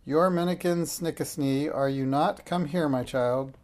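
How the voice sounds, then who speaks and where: A reader voicing a large, commanding lady who heads the parents' association, in a storybook read aloud, with a gravelly, mellow voice. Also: medium pitch, fairly even intonation, normal speed, lightly acted. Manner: commanding, forceful, officious.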